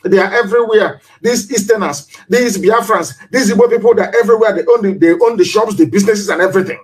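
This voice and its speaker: A man's voice: high-pitched, fast talker, poor audio. A man giving an impassioned live broadcast speech as a political leader, repeating himself for emphasis and firing off rhetorical questions. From Nigeria.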